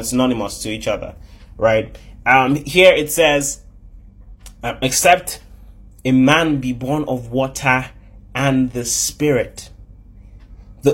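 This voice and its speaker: A man preaching an animated, conversational podcast sermon. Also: medium pitch, husky. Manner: animated, conversational, with frequent restarts.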